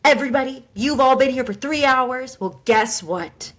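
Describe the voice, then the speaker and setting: A woman voicing an exasperated flight attendant who lectures passengers loudly and sarcastically, in a higher and louder voice than her own. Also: normal speed.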